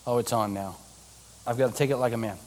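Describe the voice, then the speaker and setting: Man acting out a frightened male fisherman, low and anxious, fast worried questions, long hall reverb. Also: steady tone, darkish tone, lightly acted. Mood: dreading. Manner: anxious, rapid self-questioning. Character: fearful adult male fisherman disciple.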